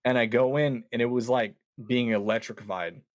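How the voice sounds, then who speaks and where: A man casually telling a long story, animated and quoting himself often with words like "dude". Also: medium pitch, moderate pace, no echo. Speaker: podcast guest.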